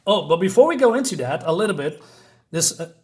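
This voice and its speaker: Male comic reviewer, a higher voice, casual and amused, rambling chatter. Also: very animated, a little fast. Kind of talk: casual comic review, reading panels aloud.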